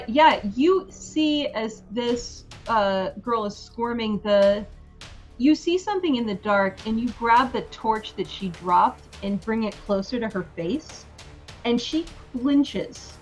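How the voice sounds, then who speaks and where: A woman running a tabletop game, narrating slowly and carefully in a fairly high voice. She pauses over her words with fillers as she describes the scene to her players. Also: expressive, fairly bright tone, faint music behind. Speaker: game master.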